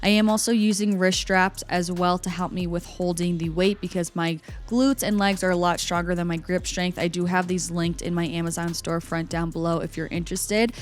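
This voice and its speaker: A young woman, a personal trainer talking viewers through workout form in a chatty, instructive voice-over. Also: on the low side.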